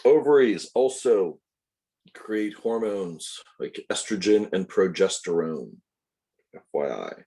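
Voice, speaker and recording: A man's deep, dark, mellow voice carries lively intonation as he lectures on anatomy in a recording. The instructor walks through every point carefully, breaking off to correct himself and to make asides to students.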